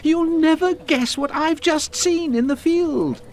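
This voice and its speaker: A man voicing an eager, excitable young tank engine in a storybook, high and lively. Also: slow, exaggerated voice. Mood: excited.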